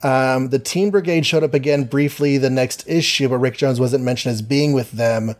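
A man's voice: mid-range voice, fairly even intonation, normal speed, a little mellow. A man with an ordinary mid-range voice talks through a comic story in a loose, playful way. He tosses in filler and little quoted asides as he goes. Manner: playful, summarizes plots with goofy quoted voices. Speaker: podcast co-host. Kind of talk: casual chat recapping comics.

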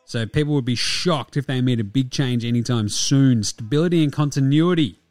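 A man's voice: mid-range voice, moderate pace, darkish tone, no room sound, soft background music. A young Australian man hosting a sports podcast, talking in a blunt, sweary, jokey way. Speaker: podcast host. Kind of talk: casual sports podcast chat.

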